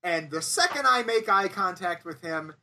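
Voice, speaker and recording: A man's voice: high voice, animated, moderate pace, distant mic, noisy background. A young man casually telling a funny story, animatedly acting out other people's lines. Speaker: storyteller guest. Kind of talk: casual anecdote on a podcast.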